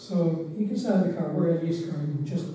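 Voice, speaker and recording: An older man, once a driver and staff member, reminiscing in unhurried, reflective anecdotes with pauses. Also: a little high, dark tone. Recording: roomy, distant mic, faint background noise.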